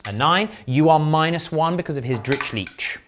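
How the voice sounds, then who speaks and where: A man's voice: a little high, expressive, normal speed, a bit bright, slight background noise. A man playing a tabletop wargame and talking through his turn in casual, playful commentary, with sudden sing-song exclamations. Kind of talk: casual battle report commentary.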